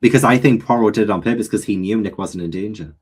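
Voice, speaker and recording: A man in a casual book chat, theorizing animatedly and quick to laugh. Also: lowish voice, a little mellow, husky. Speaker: guest co-reader.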